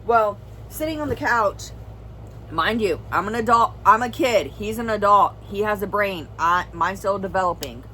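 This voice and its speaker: Young woman, mid-pitched, family vlogger, earnest personal storytelling, rambling delivery. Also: animated, normal speed, pushed and bright, a little hiss or hum, poor audio. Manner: rambling, full of "like" and "well"; earnest, serious.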